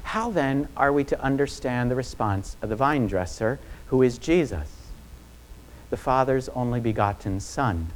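A man preaching a sermon as pastor. He asks his listeners a string of rhetorical questions and drops low and quiet on key phrases. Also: lively intonation, measured pace, slight background noise.

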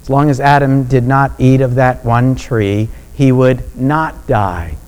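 A man preaching a sermon in a measured, deliberate way that builds to emphatic peaks. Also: medium pitch, darkish tone, clean tone, poor audio. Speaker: pastor.

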